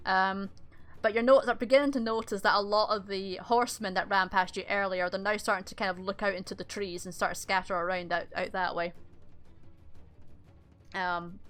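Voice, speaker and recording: A woman's voice: mid-range voice, steady tone, normal speed, fairly bright tone, smooth, faint music behind. A woman narrating as game master in a casual, rambling way with many fillers.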